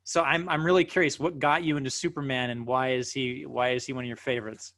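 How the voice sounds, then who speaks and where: A man co-hosting a podcast asks the guest questions in an eager, chatty way. His voice is mid-pitched and the recording is close and dry, with no room around it. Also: level tone, fast, fairly bright tone, no echo. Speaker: podcast co-host. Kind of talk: casual interview questions.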